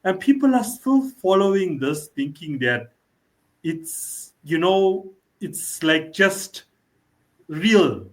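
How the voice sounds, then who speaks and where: A man hosting a casual interview, conversational, repeating his key points and filling pauses with "you know". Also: high-pitched, very animated.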